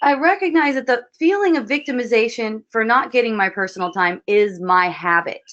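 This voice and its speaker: A woman with a somewhat high voice guides listeners through relationship advice in an online session. She talks gently and thoughtfully and circles back over her own phrases. The audio is dull and muffled. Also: a little fast. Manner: gentle, reflective, repeats phrases. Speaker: spiritual teacher. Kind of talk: online wisdom dialogue, advising.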